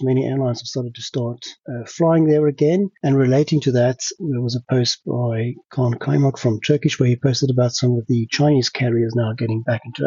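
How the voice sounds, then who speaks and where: Male host, casual panel chat, warm husky tone, dull dry sound. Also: mid-range voice, dry recording. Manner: chatty, self-correcting.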